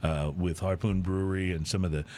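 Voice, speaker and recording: A man's voice: low voice, a little fast, a little hiss or hum. Regular guy chatting on a drinks podcast, laid back, lots of uhs. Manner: relaxed, rambling with many fillers. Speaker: podcast co-host. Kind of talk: casual chat.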